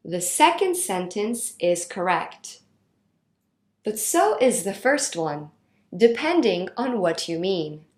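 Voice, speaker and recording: A woman reading out a grammar lesson in a clear, instructional way. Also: medium pitch, roomy sound. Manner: slow, clear instructional delivery. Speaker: teacher. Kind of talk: scripted lesson narration.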